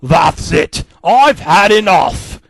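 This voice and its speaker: A man voicing a tired, put-upon cartoon father pig who talks slowly and grumbles. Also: big pitch swings, fairly bright tone, husky, no room sound, studio quality, heavily acted. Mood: furious. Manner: slow, lower, grumbling.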